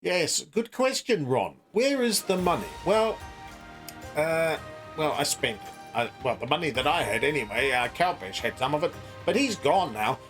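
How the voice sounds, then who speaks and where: A man's voice: a little high, moderate pace, faint music behind. A man playing an evasive, broke crypto founder. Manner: evasive, meandering, deadpan.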